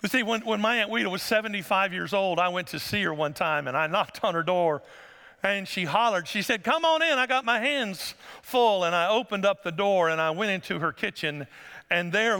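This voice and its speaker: A male pastor, preaching a sermon and telling stories, sometimes acting out voices in a high falsetto. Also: normal speed, pushed and bright, clear, resonant tone. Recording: long hall reverb.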